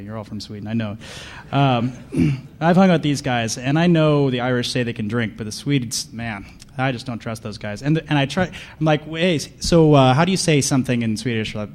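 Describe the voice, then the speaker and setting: A man with a medium-pitched voice gives a comedic talk at a conference. Deadpan and sarcastic, he banters with the audience from the stage.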